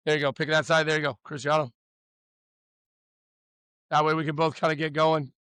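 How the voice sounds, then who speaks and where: Upbeat male pitching coach, slightly high voice, teasing, shouting cues, dry room. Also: flat delivery, moderate pace, clean tone, no echo. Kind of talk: coaching a youth warm-up.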